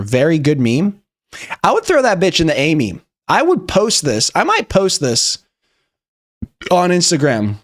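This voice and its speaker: A young man streaming, chatting casually and joking as he reviews memes in quick rambling asides. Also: on the high side. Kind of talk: casual chat.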